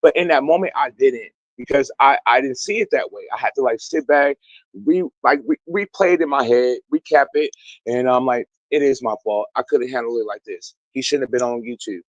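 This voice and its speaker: A man's voice: medium pitch, a little fast, dry recording, dull audio. A young man calling into an online talk stream from outdoors, speaking in a profane, emphatic and rambling way, defending himself. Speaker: guest. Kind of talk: heated online call-in talk.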